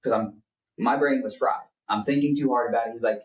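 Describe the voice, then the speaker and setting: A man's voice: mid-range voice, steady tone, brisk. A young man, a podcast co-host, talking earnestly in a rambling, casual way with many fillers. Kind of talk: casual faith chat. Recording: roomy, distant mic.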